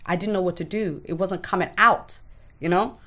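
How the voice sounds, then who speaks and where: A woman's voice: fairly low pitch, steady tone, moderate pace, fairly bright tone. A woman, a podcast guest recounting her own life frankly and bluntly, swearing freely. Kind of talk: candid personal testimony in conversation.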